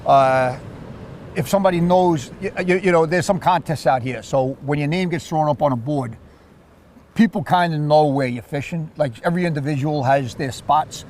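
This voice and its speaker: A man with a New York accent, chatting casually about fishing and telling animated stories, repeating and restarting his words. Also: on the high side, normal speed, slight background noise. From Queens, New York. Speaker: surf fisherman. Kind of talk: casual chat.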